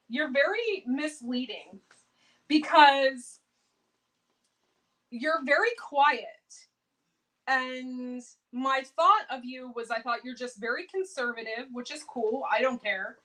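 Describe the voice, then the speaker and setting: A woman's voice: sits high, slow pace, sharp tone, rough recording. Chatty woman hosting a cooking livestream. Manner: chatty, laughs often, reacts to viewer comments. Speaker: home canning livestream host. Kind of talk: casual livestream chat.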